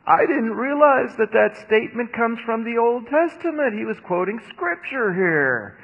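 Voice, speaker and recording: A man's voice: very high voice, big pitch swings, measured pace, vocal fry. A man giving a conversational Bible teaching on the radio, explaining scripture with emphatic asides. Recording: thin phone-like radio broadcast with long reverb.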